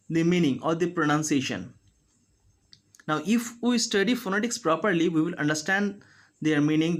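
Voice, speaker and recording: A man teaching a phonetics lesson, speaking slowly and deliberately and demonstrating each sound. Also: fairly high pitch. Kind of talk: phonetics lecture.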